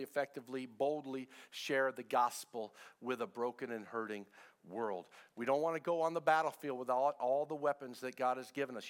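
Preaching to his congregation in a church sanctuary, this middle-aged pastor has a somewhat high, slightly bright voice. His sermon is conversational, with short repeated phrases and questions aimed at the listeners.

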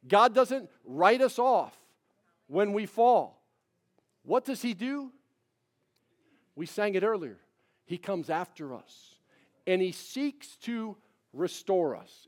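A man's voice: high voice, animated, measured pace. A man, a pastor giving a folksy, conversational sermon with repeated refrains. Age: 50s.

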